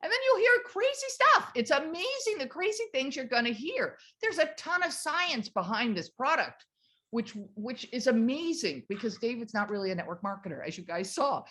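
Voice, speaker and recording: A woman in her fifties telling a motivational story to her team on a video call, animated and enthusiastic. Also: fairly high pitch, moderate pace. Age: 50s. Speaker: network marketing team leader.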